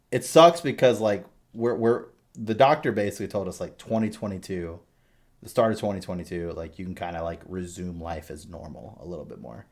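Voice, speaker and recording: A young adult man chatting casually on a podcast, telling animated stories and swearing freely. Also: deep voice, moderate pace. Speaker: podcast co-host. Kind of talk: casual chat.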